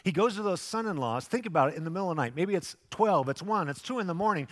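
A man's voice: sits high, expressive, fast talker, few pauses. A man preaching a sermon as pastor, telling the story animatedly and acting out its voices. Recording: long hall reverb.

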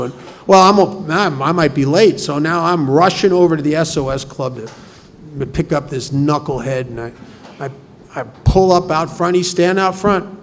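A middle-aged man tells his own story to a recovery group in a plainspoken, earnest way, often restarting his sentences. His voice sits a little higher than most men's. A faint hum of room noise lies under the recording. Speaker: recovery meeting speaker. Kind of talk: personal testimony to a group.

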